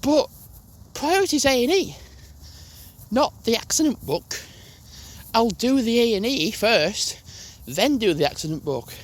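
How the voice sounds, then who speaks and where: A man's voice: very high voice, sing-song, a little slow, long pauses. Rambling young Englishman telling a story. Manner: rambling, restarts and swears while retelling. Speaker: gaming channel host. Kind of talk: casual storytelling to camera.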